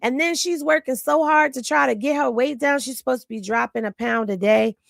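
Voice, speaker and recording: A woman's voice: sits high, fairly quick, gravelly, no echo, studio quality. Chatty, tired woman hosting a live stream. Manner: chatty, gossipy, talks straight to viewers. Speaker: livestream host. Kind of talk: casual livestream chat.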